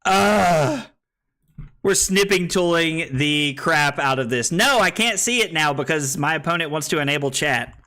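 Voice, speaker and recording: Bright-voiced man streaming a card game. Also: a little high, moderate pace, few pauses. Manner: chatty, thinks aloud, excitable when winning. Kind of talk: casual gameplay commentary to chat.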